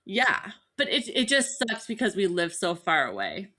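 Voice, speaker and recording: A woman's voice: medium pitch, normal speed. A woman in her thirties, a podcast host telling a story in casual chat, acting out the voices of the people in it. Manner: animated storytelling, acts out quoted voices.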